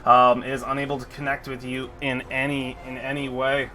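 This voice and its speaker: A man's voice: mid-range voice, completely flat delivery, fairly quick, pushed and bright, a little hiss or hum. A man narrating a live tabletop game as dungeon master, rambling with many fillers and restarts.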